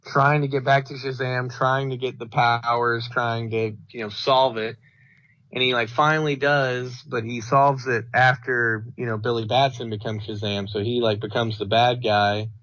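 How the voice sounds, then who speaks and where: A podcast co-host casually reviews a movie in a medium-pitched, somewhat bright voice, rambling with lots of fillers as he retells scenes. The recording is dull, lo-fi and dry, with no room sound.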